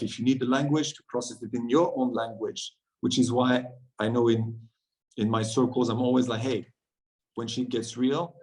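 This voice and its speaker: A man's voice: mid-range voice, a little mellow, low-quality recording. A man from France, a guest on a podcast, telling stories in an earnest, reflective way and often laughing between thoughts. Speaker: guest, men's circle facilitator.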